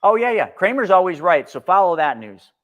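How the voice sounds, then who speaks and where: A man's voice: sits high, very animated, fairly quick, fairly bright tone, dull audio. Blunt, sarcastic male market commentator. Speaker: co-host. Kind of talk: live-stream market commentary.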